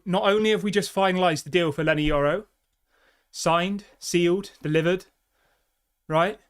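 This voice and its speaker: Excitable football fan on a live stream. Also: male voice, fairly high pitch, clear, resonant tone. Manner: excitable, chatty, reads viewer comments. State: out of breath. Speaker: fan channel host.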